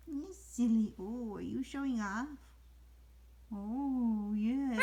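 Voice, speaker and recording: A woman's voice: fairly high pitch, very slow, long pauses. A woman talking to her pet parrot at home in cooing, singsong baby talk, repeating her questions. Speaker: pet owner. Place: home, indoors. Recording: loud background noise.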